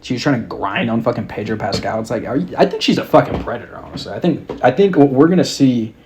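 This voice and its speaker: A man's voice: medium pitch, quick pace, noisy background. A young man hosting a podcast, ranting casually in a mocking, exasperated way and swearing constantly. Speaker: podcast host. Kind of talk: casual rant.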